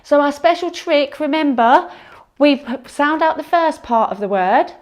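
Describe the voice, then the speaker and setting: A woman teaching a phonics lesson to young children, sounding out words slowly and encouraging them. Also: high-pitched. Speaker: primary school teacher.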